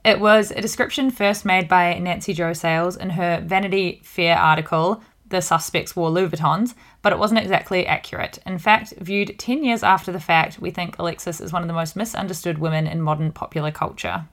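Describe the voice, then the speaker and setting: A woman's voice: fairly low pitch, fairly even intonation, fairly quick, few pauses, a bit bright. A woman co-hosting a podcast, reading an earnest scripted introduction. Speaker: podcast co-host.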